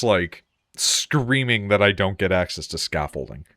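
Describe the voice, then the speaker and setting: Slow-talking lively male streamer. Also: low-pitched, no echo, clean studio sound. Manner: joking, swears casually, laughs a lot. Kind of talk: casual gameplay chat.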